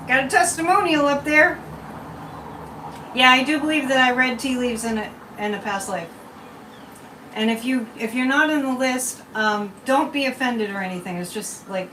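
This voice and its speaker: Lady psychic rambling thru a livestream reading, kinda high voice, roomy sound, sits back from the mic. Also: pushed and bright, far from the mic, slight background noise. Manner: chatty, rambling, talks straight to viewers. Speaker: psychic reader and channel host. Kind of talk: casual livestream tarot and tea leaf reading.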